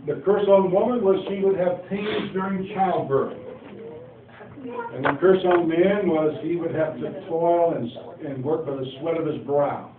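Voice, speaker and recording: A man's voice: a little high, steady tone, a little slow, phone-quality sound. A man giving an informal Bible teaching, telling the story in a folksy way and acting out the dialogue with asides. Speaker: preacher. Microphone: phone. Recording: echoey, distant phone recording with faint noise.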